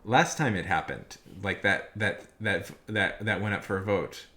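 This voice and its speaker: Rambling, lively-voiced man streamer. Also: lowish voice, a little slow. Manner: rambling, lots of fillers, rants loudly when worked up. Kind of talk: casual live-stream chat.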